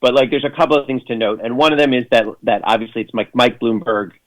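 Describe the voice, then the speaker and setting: A radio guest speaks fast in a mid-range voice, heard through low-quality audio. He chats casually and rambles, stumbling over fillers and restarts while slipping in sardonic jokes delivered in mock voices.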